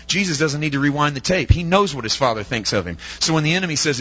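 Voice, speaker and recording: A man's voice: mid-range voice, expressive, brisk, a bit bright, husky, lo-fi sound. A male preacher delivering an emphatic sermon, often asking his listeners rhetorical questions.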